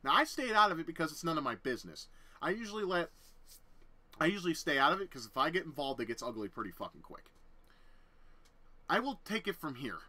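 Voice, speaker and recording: A man's voice: on the high side, sing-song, fast talker, sharp tone. A young man telling a personal story on his vlog, swearing heavily and talking bluntly. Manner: heavy swearing, heated and blunt. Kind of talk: casual storytelling rant.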